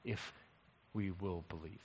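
A male pastor preaching a sermon, an animated storyteller who swings from loud to hushed. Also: low-pitched, a little slow, breathy edge, long reverb tail.

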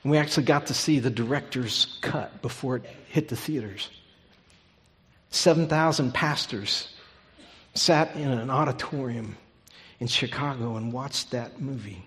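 A pastor preaching a sermon, his delivery swinging from loud emphatic peaks down to hushed, near-whispered lines. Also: medium pitch, a little slow, in a large hall.

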